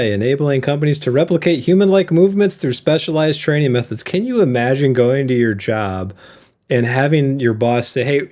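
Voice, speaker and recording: A man's voice: medium pitch, darkish tone. A man co-hosting an investing show, joking and interrupting in casual chat. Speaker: co-host.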